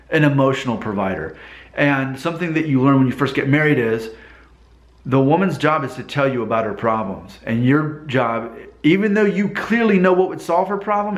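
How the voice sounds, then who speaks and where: Earnest rambling man in an echoey room. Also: medium pitch. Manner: rambling, earnest, restarts his sentences. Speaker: vlogger giving dating advice. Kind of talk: unscripted advice monologue.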